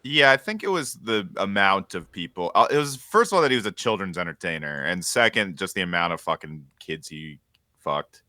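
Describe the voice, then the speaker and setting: Bright-voiced man in his thirties, dry sound. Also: deep voice, lively intonation, a little fast, dry recording. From San Francisco Bay Area. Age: 30s. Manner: laid-back, laughs and trails off often. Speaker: comedian guest. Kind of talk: casual podcast chat.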